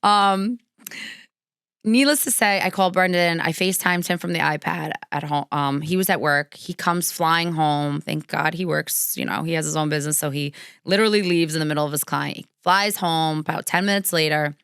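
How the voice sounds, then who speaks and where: A woman's voice: moderate pace, creaky, clean tone, no echo, studio quality. Chatty young mother telling a story. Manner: animated, laughing often, pitch jumping high when excited. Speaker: podcast host. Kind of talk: casual storytelling monologue.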